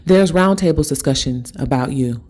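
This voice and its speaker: Low, mellow-voiced woman preaching emphatically. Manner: emphatic and repetitive, with frequent "okay?" check-ins; slows down and drags out words for dramatic stress. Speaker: host. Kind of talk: spiritual motivational monologue.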